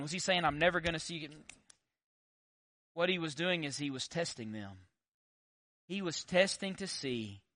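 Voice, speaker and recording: A man preaching a sermon as pastor, animated and conversational, full of rhetorical questions. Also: mid-range voice, no room sound, clean studio sound.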